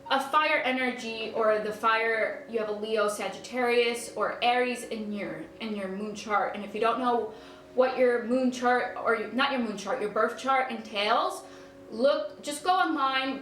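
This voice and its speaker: A woman's voice: fairly high pitch, a bit bright. A woman giving a casual spiritual card reading to viewers, effusive and gushing, often repeating herself. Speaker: tarot card reader. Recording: echoey room with faint background noise.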